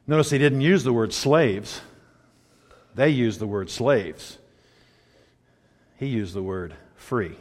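A man's voice: mid-range voice, slow pace, pauses often, long reverb tail. A man preaching a sermon, who laughs often and acts out the people he quotes in mocking voices. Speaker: pastor.

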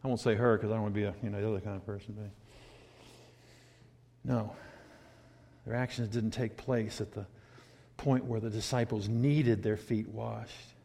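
A man preaching a sermon, swinging from hushed, reflective asides to loud, emphatic points. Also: on the low side, fairly even intonation, moderate pace, gravelly, pauses often. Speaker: pastor. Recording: hall reverb.

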